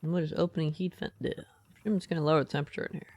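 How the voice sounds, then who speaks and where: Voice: mid-range voice, steady tone, racing, darkish tone. A streamer giving live gaming commentary, chatty, thinking aloud and reading game text aloud. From United States.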